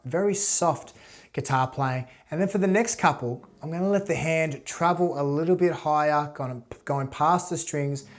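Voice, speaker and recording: A man gives a casual guitar lesson, talking through each step in a relaxed, conversational way. His voice sits a little high for a man. He keeps checking in with his viewers, ending nearly every point with "right?". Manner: relaxed, repeats "right?" often. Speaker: guitar teacher.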